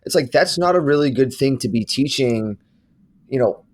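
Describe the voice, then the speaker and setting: A man with an ordinary middle pitch co-hosts a casual podcast. He talks reflectively and pauses on fillers as he works through his thoughts. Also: animated, darkish tone. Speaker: podcast co-host.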